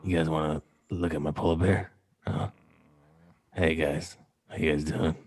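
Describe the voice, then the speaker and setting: A man putting on the voice of a creepy, leering man who talks slow, low and hushed. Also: level tone, husky, heavily acted.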